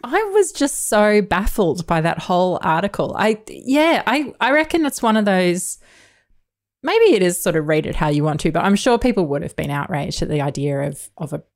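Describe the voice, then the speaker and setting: Woman co-host, somewhat low voice, relaxed chatty delivery with lots of filler words. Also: normal speed. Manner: chatty, researched, lots of ums and asides. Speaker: podcast co-host. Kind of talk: casual chat.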